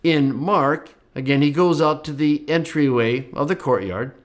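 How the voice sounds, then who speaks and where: Man explaining scripture, lively teacher. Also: measured pace. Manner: lively, voices the quoted speakers with rising pitch. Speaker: Bible teacher. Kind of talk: explanatory lecture.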